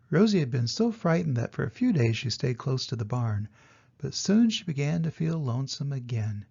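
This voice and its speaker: An older man reading a children's story aloud, gentle and expressive. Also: mid-range voice, moderate pace, creaky, husky. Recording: dull lo-fi recording.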